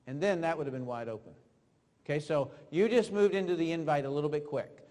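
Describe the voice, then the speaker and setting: A man's voice: on the high side, expressive, fairly quick, mellow. A man running a live sales training seminar, coaching his audience through drills and questioning them. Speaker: network marketing trainer. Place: large room with an audience. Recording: long reverb of a hall.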